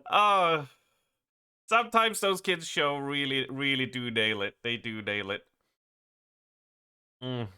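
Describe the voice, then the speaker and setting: A man's voice: mid-range voice, takes it slowly, long pauses, bright, forceful tone, clear, resonant tone. A man from Sweden with a Swedish accent, chatting casually on a live gaming stream, laughing often, swearing and restarting his sentences.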